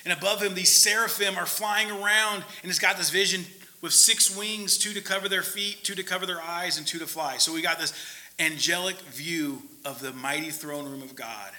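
Bright-voiced, high-pitched male preacher. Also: fairly even intonation, normal speed, rough recording. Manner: conversational, checks in with the listeners. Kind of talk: conversational sermon.

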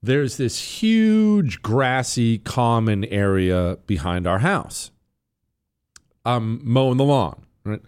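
Animated middle-aged man spinning a yarn. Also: mid-range voice, slow pace, clear, resonant tone. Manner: animated, defiant, rambling. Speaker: podcast guest. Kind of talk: casual storytelling.

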